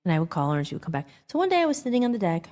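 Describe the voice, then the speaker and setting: A woman hosting a podcast, telling a personal story in a rambling, animated way, acting out the dialogue. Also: lowish voice, very fast. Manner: rambling, animated, acts out quoted dialogue with filler "like". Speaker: podcast host.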